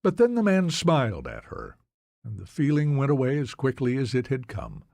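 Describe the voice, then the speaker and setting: A man narrating an audiobook in a measured, solemn storytelling manner. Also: mid-range voice, huge pitch swings, gravelly, a little mellow, dry recording, studio quality.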